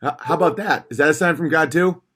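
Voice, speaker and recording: A fairly high-pitched man hosts a loose livestream, reading out viewer messages. He answers them sardonically and keeps shifting between jokey put-on voices and low, grumbling asides. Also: fast talker, a bit bright, husky. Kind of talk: casual livestream chat.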